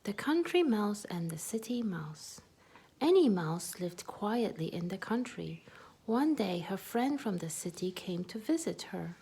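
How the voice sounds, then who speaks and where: A woman reading a children's storybook aloud in a soft, gentle manner. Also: medium pitch, very animated, unhurried, vocal fry, husky.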